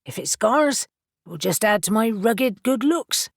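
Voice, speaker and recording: A woman's voice: on the high side, animated, measured pace, dry recording, studio quality, pitched above the performer's own voice. A woman voicing an easygoing young male surfer witch who talks in a breezy, joking way.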